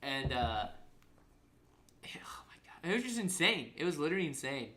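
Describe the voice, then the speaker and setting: A young adult telling a story in casual podcast chat, animated, acting out quotes, swearing freely and saying "like" constantly. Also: medium pitch, moderate pace.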